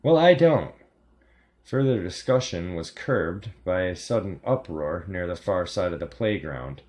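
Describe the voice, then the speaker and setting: Slow, deep-voiced male horror narrator. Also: darkish tone. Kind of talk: scripted horror story narration.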